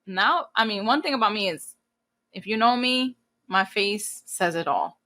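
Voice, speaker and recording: A woman in her late thirties speaks with a bright, forceful edge, blunt and unfiltered, swearing freely and dropping in Spanish phrases. She is from New Jersey and is a guest in a casual podcast interview. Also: medium pitch, unhurried. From New Jersey, USA. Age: 30s. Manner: blunt, profane and animated. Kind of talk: casual candid interview talk.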